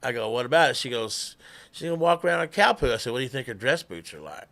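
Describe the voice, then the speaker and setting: A man's voice: medium pitch, big pitch swings, fast talker, creaky, a bit bright. A middle-aged man, telling stories in a chatty, laughing, drawling way. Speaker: guest musician. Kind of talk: casual storytelling.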